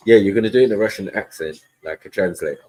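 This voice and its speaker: A man's voice: lowish voice, very fast, mellow, rough recording. A man, chatting casually on a livestream panel in laid-back slang. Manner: laid-back slangy talk, frequent "you know what I mean".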